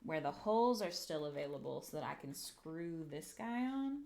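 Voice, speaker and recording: A woman's voice: low voice, very animated, normal speed, gravelly, a little mellow. A woman chatting on a casual livestream while she builds a craft piece, nervous, swearing often and talking to herself. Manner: talks to herself and the objects. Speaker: streamer.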